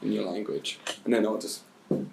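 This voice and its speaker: A man's voice: lowish voice, steady tone, normal speed, gravelly, a little mellow, roomy sound, a little hiss or hum. A man teaching a bootcamp session, telling a story and acting out both sides of a chat.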